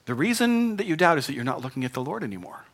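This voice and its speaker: A man's voice: on the high side, big pitch swings, fast. A middle-aged man preaching a sermon in an earnest, conversational way, rising to bursts of emphasis. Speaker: pastor.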